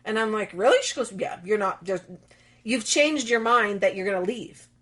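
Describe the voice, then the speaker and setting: A middle-aged woman, a guest on an interview, who tells lively stories and acts out the dialogue she quotes. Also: medium pitch, moderate pace. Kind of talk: conversational interview.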